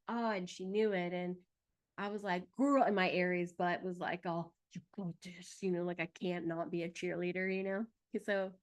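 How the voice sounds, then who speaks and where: A middle-aged woman astrologer in a rambling, casual chat, dropping "right?" and "you know?" between thoughts. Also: medium pitch.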